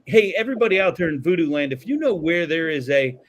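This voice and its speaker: A man co-hosting a podcast in casual chat, joking and excitable, swearing freely. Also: on the high side, fast talker. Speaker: podcast co-host. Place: podcast studio.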